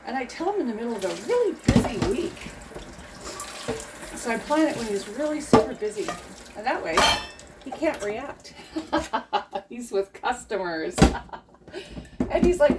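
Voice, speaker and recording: A woman's voice: fairly high pitch, sing-song, unhurried, heavy background noise. A middle-aged woman chatting casually and encouragingly while she cleans at home, laughing often. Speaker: cleaning vlogger. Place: home kitchen at the sink. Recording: loud dishes and running water. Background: clattering dishes, pots and running water.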